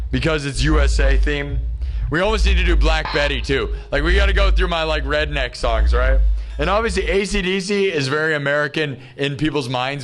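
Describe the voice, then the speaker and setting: Ranting livestream host, man, higher voice. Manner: ranting, exasperated, says "dude" and "bro" a lot. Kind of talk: casual livestream rant.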